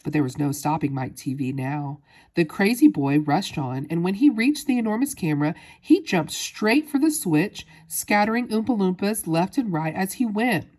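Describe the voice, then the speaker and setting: A woman reading a children's novel aloud as narrator, in steady storytelling with small slips. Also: fairly low pitch, moderate pace. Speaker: audiobook narrator.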